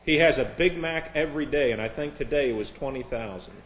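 A man's voice: medium pitch, fairly quick, fairly bright tone. A man preaching a sermon in a sarcastic, mocking way. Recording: echoey room.

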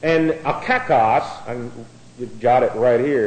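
A man's voice: mid-range voice, a little slow. A man preaching a Bible-teaching sermon in a conversational way, often repeating words as he starts a phrase. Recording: echoey room.

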